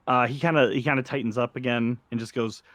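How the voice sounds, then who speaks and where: A man's voice: medium pitch, fairly even intonation, fast, a bit bright, no echo. A man narrating as game master in a tabletop game, casual and full of fillers.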